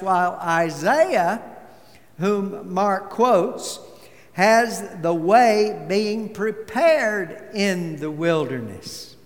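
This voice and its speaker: A pastor delivers a sermon in a measured, deliberate manner, his voice sitting high for a man. He takes his time, letting each phrase land. A long reverb fills the sanctuary around him. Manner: measured, deliberate preaching with storytelling. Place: church sanctuary.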